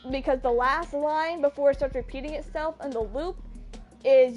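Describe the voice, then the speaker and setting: High-voiced young woman telling a rambling story. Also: fairly quick, a little mellow, lo-fi sound, faint music behind. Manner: rambling, self-interrupting, earnest. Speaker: streamer. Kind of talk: casual storytelling on a live stream.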